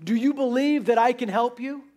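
A man voicing a calm voice from the sky in a joke, asking steady questions. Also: very high voice, normal speed.

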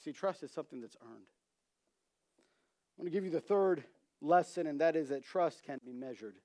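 A man's voice: on the high side, normal speed. A man preaching a sermon, telling humorous stories and acting out the characters' voices. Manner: storytelling, acts out quoted voices, animated emphasis.

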